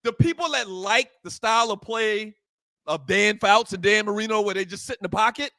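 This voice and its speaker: Man, sports talk co-host, high bright voice, dry close sound. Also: moderate pace, no room sound. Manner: emphatic, repeats points, thinks aloud with restarts.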